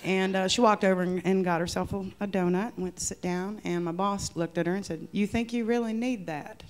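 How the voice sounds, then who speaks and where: Female comedian, live interview guest, wry and self-deprecating, loud bursts. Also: on the low side, flat delivery, brisk. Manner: wry, self-mocking, shouts quoted outbursts.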